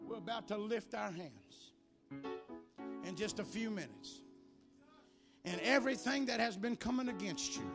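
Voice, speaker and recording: A man preaching at a church service, telling stories with animation and building to shouted preaching. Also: high voice, creaky. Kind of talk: sermon with storytelling. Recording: music under the preaching. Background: church music.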